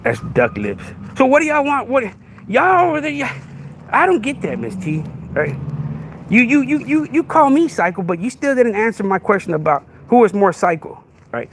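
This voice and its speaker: A man's voice: sits high, a bit bright, slight background noise. A man, hosting a podcast livestream with a crude, confrontational rant that keeps asking "right?". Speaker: podcast host.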